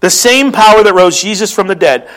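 A man's voice: sits high, a little fast, fairly bright tone. A man with a Philadelphia accent preaching a sermon, earnestly teaching and explaining scripture verses to his congregation. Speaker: pastor.

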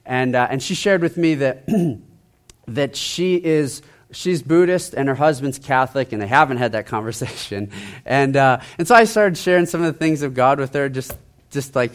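Soft-spoken male pastor preaching. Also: medium pitch. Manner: conversational, repeats phrases, drops to soft emphasis. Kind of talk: sermon.

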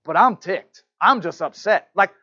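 A high-pitched male pastor preaching to his congregation. He tells stories in a chatty, self-deprecating way and often restarts his sentences. The recording is dull and lo-fi, taken in a church. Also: expressive, a little slow, sharp tone. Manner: conversational, self-deprecating storytelling with frequent restarts. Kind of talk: sermon. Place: church sanctuary.

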